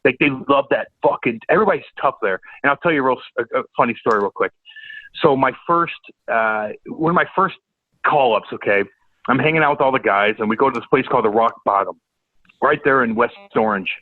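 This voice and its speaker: Over a tinny, phone-like line, a male podcast guest from St. Louis, USA tells stories and chats casually, swearing, rambling, and stammering through repeats. The former hockey enforcer has a mid-range voice and a brisk delivery. The recording is dry.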